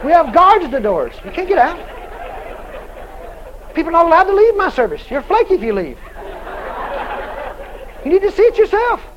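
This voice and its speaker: A man preaching a sermon in a folksy, dramatic storytelling style, shouting out the lines he quotes. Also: very high-pitched, sing-song, moderate pace, pauses often, highs cut off, a crowd in the background, noisy background. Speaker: evangelist preacher.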